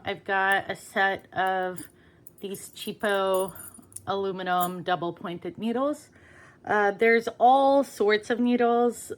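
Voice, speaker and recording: Woman knitting teacher, unhurried and chatty, fillers throughout, mid pitch. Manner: relaxed, unscripted, many ums and uhs. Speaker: knitting instructor. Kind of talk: casual how-to demonstration.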